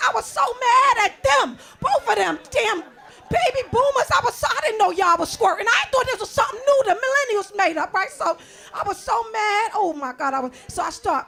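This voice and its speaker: A woman in her forties doing a brash, conversational stand-up comedy set, often shouting the punchlines. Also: very high voice, expressive, fairly quick, creaky.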